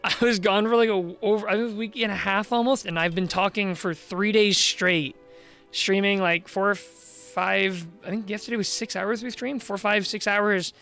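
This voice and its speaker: A rambling, easy-laughing man chatting through a live-streamed game in a somewhat high voice. His voice sounds tired and worn from long streams. Faint game music sits in the background. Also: fairly even intonation, normal speed, creaky, pushed and bright. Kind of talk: casual live-stream commentary while gaming.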